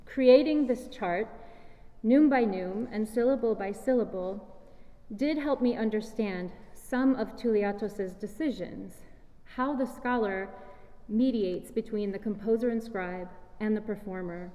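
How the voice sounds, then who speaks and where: A woman giving a measured, explanatory talk as a singer presenting chant, recorded in a large hall. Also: mid-range voice, dark tone. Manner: measured, explanatory, sings short chant fragments. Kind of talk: scripted lecture-recital talk. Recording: reverberant hall.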